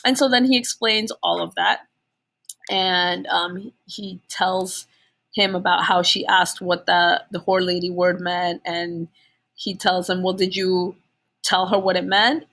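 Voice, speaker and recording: A woman's voice: fairly low pitch, fairly even intonation, measured pace, vocal fry, a bit bright. Chatty woman summarizing a chapter. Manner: chatty, many fillers, checks in with okay and all right. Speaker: teacher. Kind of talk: casual chapter summary lesson.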